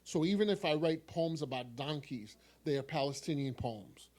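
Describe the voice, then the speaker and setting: A man's voice: fairly high pitch, animated, normal speed, darkish tone. A man with a New York accent from New York City, reading his own poem aloud with a wry, repeating refrain. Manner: wry, repetitive refrain delivery. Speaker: poet. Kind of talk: poetry reading.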